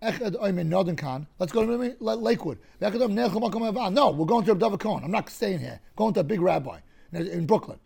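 Teaching a Talmud class, a man with a high-sitting voice talks fast, working through cases with lively hypothetical scenarios. He clears his throat frequently.

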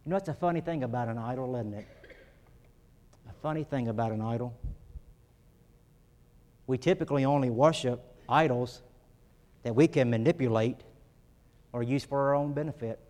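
A man's voice: medium pitch, normal speed, long pauses, darkish tone. A man preaching a sermon, earnest, with his voice lifting for emphasis. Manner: earnest preaching, rises when acting out quotes. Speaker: pastor. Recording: long reverb of a hall.

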